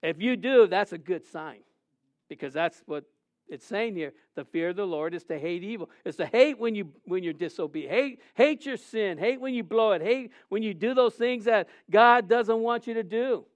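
A middle-aged man preaching a sermon as pastor, his delivery swinging between emotional, raised passages and quiet, subdued confessions. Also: sits high, moderate pace, no echo. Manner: emotional preaching with rising and falling intensity.

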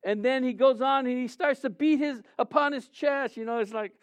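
A middle-aged man preaching a sermon as pastor, his delivery swinging between emotional, raised passages and quiet, subdued confessions. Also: very high voice, moderate pace, clear, resonant tone, dry recording. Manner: emotional preaching with rising and falling intensity.

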